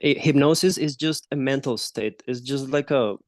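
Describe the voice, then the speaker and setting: A man's voice: medium pitch, normal speed, no room sound, studio quality. A man coach in a casual roundtable discussion, explaining ideas earnestly with hesitant restarts.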